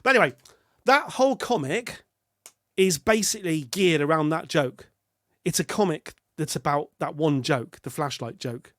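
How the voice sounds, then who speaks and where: A man's voice: fairly high pitch, lively intonation, normal speed, a bit bright, no room sound, studio quality. A British man co-hosting a podcast, chatting casually about a film in a rambling, self-interrupting way. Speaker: podcast co-host.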